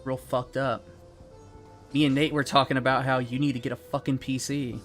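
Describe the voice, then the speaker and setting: Young male streamer, mid-pitched, loose and profane, chatting over a game with faint music underneath. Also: level tone, moderate pace, fairly bright tone. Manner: rambling, profane, laid-back. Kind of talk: casual gaming stream chat.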